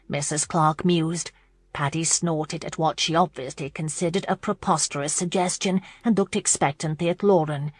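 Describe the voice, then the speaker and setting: A woman narrating a historical romance audiobook in a measured, expressive scripted read. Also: sits low.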